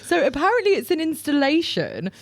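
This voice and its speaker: A woman hosting a podcast, chatting warmly with her guest and calling him darling. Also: sits high, big pitch swings, brisk, no room sound. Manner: affectionate, calls guest darling. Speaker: podcast host. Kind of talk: casual chat.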